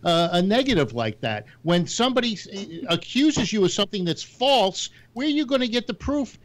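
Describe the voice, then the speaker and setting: A man arguing on a political panel, halting and full of fillers as he defends his side. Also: high voice, big pitch swings. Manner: halting, argumentative, many fillers. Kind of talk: heated political debate.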